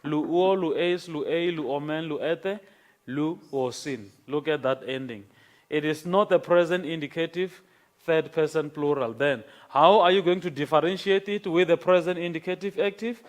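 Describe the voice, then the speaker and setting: A man gives a classroom lecture at a slow, deliberate pace. His voice sits a little high for a man. He repeats key words and keeps checking in with "okay?" as he teaches. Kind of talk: classroom lecture on Greek grammar.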